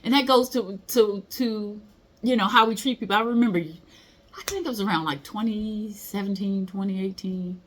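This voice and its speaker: A woman's voice: mid-range voice, fairly even intonation, moderate pace. A middle-aged woman, giving casual motivational advice and telling stories. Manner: conversational, storytelling, acts out quoted voices. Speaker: motivational speaker.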